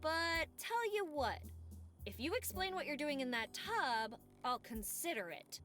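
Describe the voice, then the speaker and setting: A woman voicing a sarcastic, quick-witted game heroine who keeps arguing with a duck. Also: high-pitched, lively intonation, sharp tone, faint music behind. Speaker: game protagonist. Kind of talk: voiced game dialogue.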